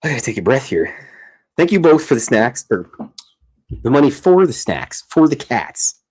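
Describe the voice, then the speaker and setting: A man's voice: medium pitch, sing-song, normal speed, darkish tone, husky. A man hosting a casual livestream from his home art studio, chatting while he draws, rambling and cutting himself off mid-sentence. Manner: rambling, self-interrupting, chatty. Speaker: streamer host.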